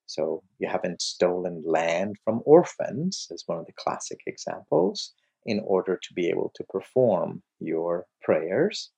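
A middle-aged man speaks slowly and reflectively, as if teaching around a fire. His pitch moves a lot, and his voice is dark and gravelly. He tells stories and acts out the lines of the people in them. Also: sing-song, highs cut off. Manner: slow, storytelling, voices quotes with rising pitch. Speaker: host, scholar of Sufism.

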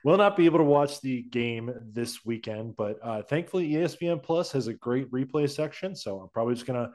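A man's voice: medium pitch, lively intonation, a little fast. Chatty young man co-hosting a podcast. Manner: chatty, rambling, trailing off quietly. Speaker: podcast co-host. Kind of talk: casual sports podcast chat.

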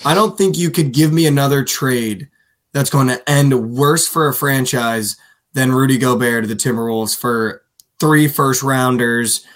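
A man co-hosting a sports podcast in casual, animated chat, swearing freely and mimicking players. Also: medium pitch, unhurried. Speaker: podcast co-host.

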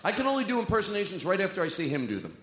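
Huge pitch swings mark this stand-up comedian's high-sitting, rapid-fire delivery over a noisy background. Live on a comedy club stage, he rambles, swears, and jokes with the crowd in a self-mocking way. Long reverb echoes through the hall.

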